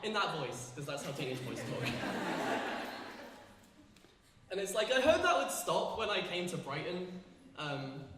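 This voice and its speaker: A woman's voice: low-pitched, very animated, a little slow, pauses often, distant mic, very noisy. A young woman, performing her poems live at a gallery poetry night and chatting hesitantly between them, full of fillers. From England. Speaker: poet. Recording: echoey gallery with long reverb.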